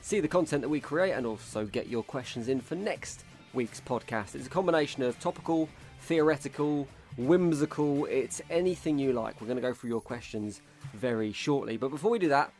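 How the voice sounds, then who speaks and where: A man's voice: medium pitch, fairly quick, a little mellow. Man, podcast host, casual chat, laughing often, faint background music.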